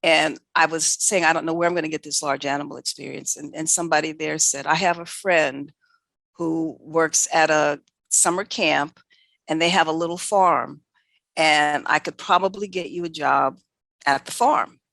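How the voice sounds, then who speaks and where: An older woman from New York City, a veterinarian guest telling candid, animated stories from her career with lots of quoted dialogue. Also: low voice, normal speed, vocal fry, no room sound. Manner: animated, self-correcting anecdotes with quoted dialogue. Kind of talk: candid conversational storytelling.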